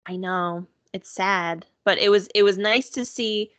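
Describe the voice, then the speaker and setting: A woman's voice: medium pitch, fairly even intonation, measured pace, fairly bright tone, no room sound. A woman in casual conversation, chatty and upbeat, filling her talk with "like" and "you know". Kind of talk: casual chat.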